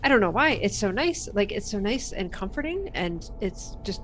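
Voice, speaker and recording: A woman's voice: mid-range voice, big pitch swings, fairly bright tone, faint music behind. A woman voicing a suspicious, accusing woman investigator in a tabletop horror game. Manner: rapid, accusatory.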